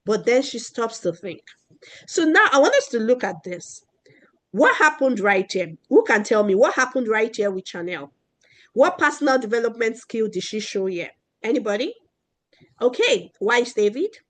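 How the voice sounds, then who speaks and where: A woman's voice: fairly high pitch, very animated, moderate pace. A woman teaching a children's class, who keeps asking questions and checking in with the kids. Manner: asks questions often, keeps checking with "right?".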